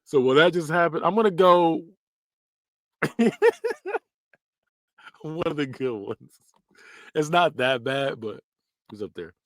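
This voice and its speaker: A man's voice: a little high, slow, pauses often, no echo, clean studio sound. A man hosting a podcast, giving casual, joking reaction commentary and laughing often. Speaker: podcast host.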